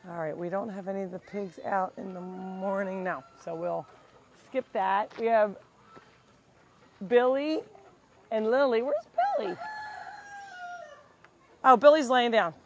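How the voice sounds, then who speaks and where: A woman's voice: mid-range voice, measured pace, pauses often, slight background noise. A woman who runs an animal sanctuary, chatting casually on a live tour outdoors and cooing at the animals. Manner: chatty, talks baby-talk to animals. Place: outdoors on a farm. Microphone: handheld mic.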